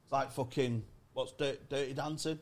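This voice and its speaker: A man's voice: medium pitch, fairly even intonation, moderate pace. A man, co-hosting a comedy podcast and telling a rambling, sweary story in casual chat. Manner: sweary, rambling storyteller, slips into mock voices. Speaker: podcast co-host.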